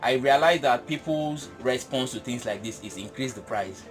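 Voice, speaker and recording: A man talking about business in a casual chat, animated and emphatic, laughing often. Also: medium pitch, moderate pace, faint music behind. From Nigeria. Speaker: business guest.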